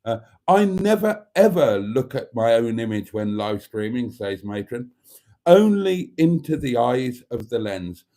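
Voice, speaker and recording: Live stream host, male, camp and self-mocking, warm mellow tone, very lively pitch, phone mic. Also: unhurried. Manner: theatrical, self-mocking, calls viewers darlings. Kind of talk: casual live stream chat reading viewer comments. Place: at a table indoors. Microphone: phone camera.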